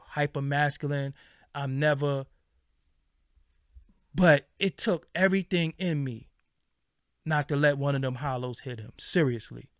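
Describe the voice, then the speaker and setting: A man's voice: medium pitch, smooth, no room sound, studio quality. A man hosting his channel, telling a story casually, swearing freely and acting out what people said. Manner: animated, profane, acts out quoted lines. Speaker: channel host.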